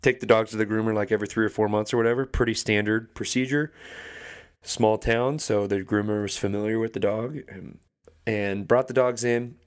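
A clean-toned, fairly low voice moves fairly quickly as a young adult man co-hosts a podcast. He narrates a story casually and animatedly, doing voices for the people he quotes.

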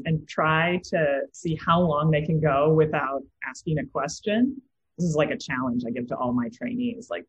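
Empathy trainer in her thirties: very low, husky woman's voice, chatty with fillers; dull recording. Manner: anecdotal, with filler words. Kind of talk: casual podcast chat.

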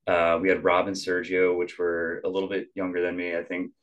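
A man's voice: low voice, brisk, highs cut off. A young adult man, a musician guest on a podcast, telling a story in casual chat, acting out quotes with lots of "like" fillers. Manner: animated, acts out quotes, many "like" fillers.

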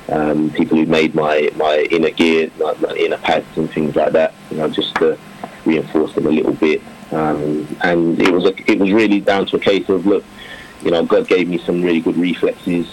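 On a rough recording with slight background noise, a man with a bass voice answers interview questions. A cricketer who now coaches, he rambles loosely, packing in fillers and restarts along with warm laughter.

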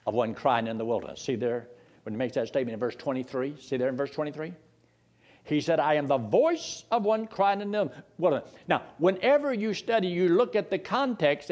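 A man preaching a sermon, reading scripture aloud and asking his listeners questions, with sudden rises and drops for emphasis. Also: a little high.

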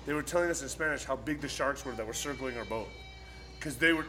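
A man's voice: medium pitch, fast talker. A young man telling a story in casual chat, acting out the people in it, swearing and laughing as he goes. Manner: animated, acts out voices, swears, laughs mid-story. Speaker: storyteller guest.

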